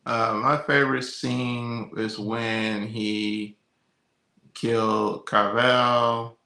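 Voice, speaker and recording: A man's voice: mid-range voice, little pitch movement, extremely slow, gravelly, sharp tone. A man talking casually about a film in terse, short replies. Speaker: podcast co-host. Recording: echoey room sound.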